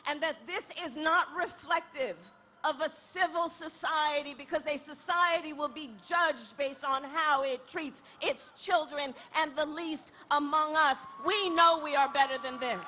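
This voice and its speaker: A woman giving an impassioned protest rally speech outdoors, repeating a refrain and building to shouts. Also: sits high, fairly even intonation, unhurried, a little hiss or hum. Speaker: rally speaker.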